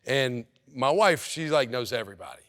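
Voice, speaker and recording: A man's voice: medium pitch, lively intonation, fairly bright tone, no echo, clean studio sound. A man in his forties, a head football coach, telling stories and giving a tour in an easygoing, chatty way. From Kentucky. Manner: easygoing storyteller, quick asides. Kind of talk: casual interview and facility tour.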